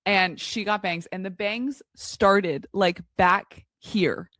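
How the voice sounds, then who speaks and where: A woman's voice: medium pitch, steady tone, takes it slowly, a bit bright, no room sound, clean studio sound. A woman co-hosting a casual chat show, telling a story with gasps, laughs and lots of enthusiasm. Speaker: co-host.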